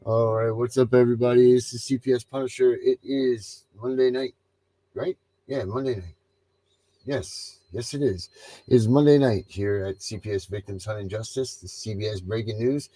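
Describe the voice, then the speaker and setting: A man's voice: medium pitch, steady tone, normal speed, mellow, dry recording, rough recording. A man hosting a casual livestream chat, loose and rambling, with frequent ums. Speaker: livestream host.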